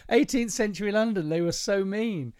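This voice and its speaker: A man's voice: sits high, moderate pace, darkish tone, clear, resonant tone. A man co-hosting a podcast in casual chat, eagerly sharing trivia and laughing as he goes. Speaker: podcast co-host.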